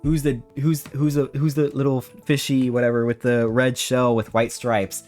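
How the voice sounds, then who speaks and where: A man's voice: mid-range voice, flat delivery, normal speed, a little mellow, soft background music, lightly acted. A man voicing a laid-back male surfer sea turtle who drawls and keeps saying dude. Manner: drawling, says dude constantly.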